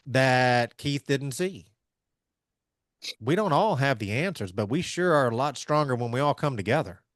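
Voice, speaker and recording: A man from Southeast Missouri, hosting a casual business chat in an energetic, folksy way. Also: mid-range voice, normal speed, dry recording, studio quality. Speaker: podcast host.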